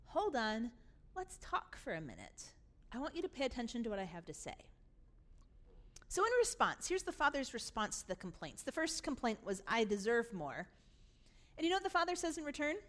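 Woman pastor, high voice, emphatic sermon delivery in a church. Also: big pitch swings, brisk. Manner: emphatic, voicing the father's lines with rising force. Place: church sanctuary.

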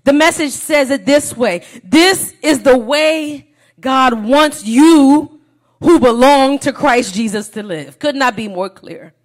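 A woman preacher delivering a sermon, shifting from soft low musings to shouted, repeated calls and rhetorical questions. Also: takes it slowly.

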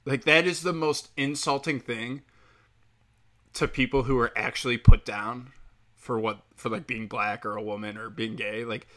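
A man's voice: mid-range voice, fairly even intonation, normal speed, pushed and bright. A man delivering a heated, profane opinion rant, rambling with fillers as he talks.

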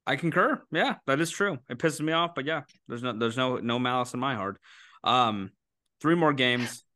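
A man co-hosting a casual sports betting podcast, animated and incredulous, quick to laugh. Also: mid-range voice, dry recording, clean studio sound. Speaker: podcast co-host making picks.

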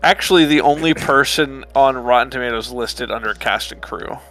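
A man with a sharp, bright voice co-hosts a podcast, chatting loosely about a movie. He rambles, swears and drags out words for emphasis. A faint music bed sits underneath. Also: medium pitch, moderate pace. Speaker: podcast co-host. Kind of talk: casual movie review chat.

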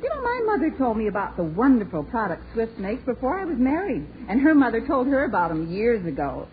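A chatty, flustered middle-aged housewife speaks in a high voice with lively, swooping pitch. The voice is tinny and thin, like a phone line, with clear hiss behind it. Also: female voice, fairly quick. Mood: polite. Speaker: mother. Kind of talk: 1940s radio acting. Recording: tinny old radio broadcast with hiss.

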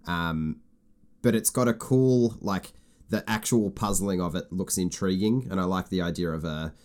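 A man's voice: sits low, moderate pace, darkish tone. A man chatting casually, enthusiastic and a bit rambling. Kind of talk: casual chat.

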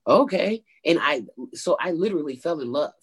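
A woman comedian being interviewed, telling a story in an animated way and acting out quoted voices with big pitch jumps. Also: fairly quick, breathy edge. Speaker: stand-up comedian, guest.

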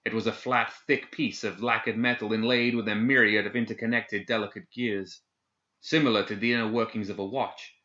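Man reading dark fantasy, lowish voice, bright edge, dull lo-fi sound. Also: echoey room. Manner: measured, dramatic reading. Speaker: narrator. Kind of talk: scripted dark fantasy narration. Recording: dull lo-fi recording.

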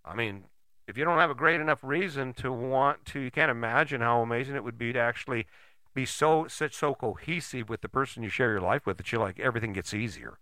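A man's voice: mid-range voice, a little fast, pushed and bright, no echo. An older man giving a casual motivational talk, folksy and blunt, often checking in with "right?".

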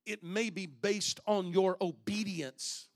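A man preaching a sermon to his congregation, reading scripture aloud and calling out to the listeners, swinging between loud passages and hushed ones. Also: sits high, slow pace. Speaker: pastor.

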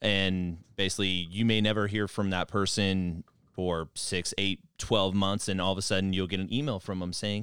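Low smooth-voiced man talking business. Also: fairly quick, dry recording, studio quality. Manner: relaxed, uses filler "you know". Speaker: podcast guest, design business. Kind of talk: casual chat.

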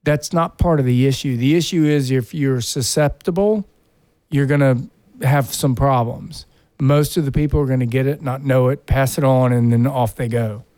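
A man's voice: mid-range voice, moderate pace, dark tone, no echo. A man co-hosting a podcast, talking in a blunt, rambling way. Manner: blunt, rambling, mocks accents. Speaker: podcast co-host. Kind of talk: casual banter.

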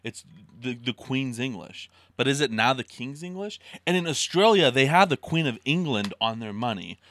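A young man from Idaho rants in a casual chat, cursing freely with a lively, swooping delivery. His voice is bright and sharp, recorded dry and close. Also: mid-range voice, normal speed, dry recording. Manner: profane, ranting, animated. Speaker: podcast co-host.

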